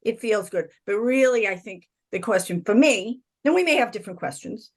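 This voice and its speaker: A woman hosting a spiritual podcast interview over a video call explains her views reflectively, using rhetorical questions in a conversational exchange. Her mid-range voice has lively intonation at normal speed.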